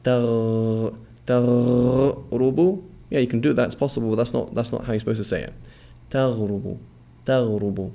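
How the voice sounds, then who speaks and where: A man teaching Arabic letter sounds, patiently repeating each sound slowly and checking with the listener as he goes. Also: mid-range voice, little pitch movement, vocal fry, dark tone. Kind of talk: instructional explanation with repeated model words.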